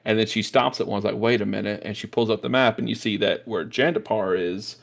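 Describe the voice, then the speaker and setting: A man hosting a casual movie review chat, excitedly retelling scenes with lots of fillers and acted-out quotes. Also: lowish voice, brisk, vocal fry. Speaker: podcast host.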